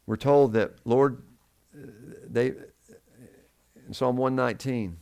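A man's voice: mid-range voice, slow pace, gravelly, a little mellow. A man preaching a sermon to his congregation, asking them questions and answering them himself. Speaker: pastor.

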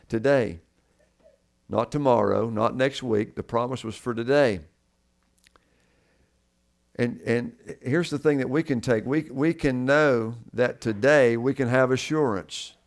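A man preaching a sermon as pastor, earnest and repeating key words for emphasis. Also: medium pitch.

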